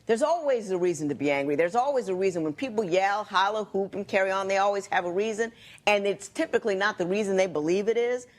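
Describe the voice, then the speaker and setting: A woman's voice: mid-range voice, fast talker. A woman, a TV court judge giving blunt, folksy advice to a couple.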